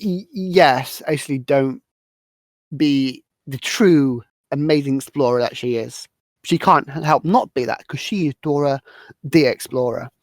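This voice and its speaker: A man hosting a podcast, recapping a film in a rambling, halting way. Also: mid-range voice, no room sound. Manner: rambling, halting, restarts words. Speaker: podcast host. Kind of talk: casual movie recap chat.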